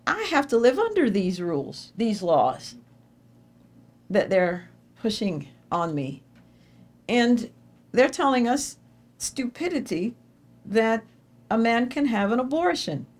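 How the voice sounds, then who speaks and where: A middle-aged woman giving an inspirational faith talk to a live audience, telling stories with animated, emphatic repetition. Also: fairly high pitch, slow pace, pauses often. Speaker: speaker addressing an audience.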